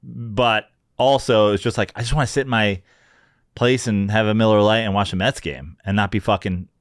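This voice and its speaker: Forties male co-host, easygoing and candid, lowish voice, dry. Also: fairly even intonation, moderate pace, no echo. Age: 40s. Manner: easygoing, laughs along, candid. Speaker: podcast producer and co-host. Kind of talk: casual comedic chat.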